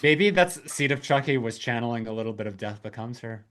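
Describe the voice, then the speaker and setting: A man's voice: mid-range voice, expressive, a little fast, fairly bright tone. Hesitant male podcast co-host. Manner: hesitant, restarts, searches for words. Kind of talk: casual film discussion.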